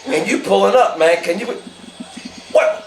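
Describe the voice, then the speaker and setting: A man, telling an animated story at a family gathering and acting out the voices in it. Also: sits high, measured pace. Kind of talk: casual storytelling. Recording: roomy, with a crowd.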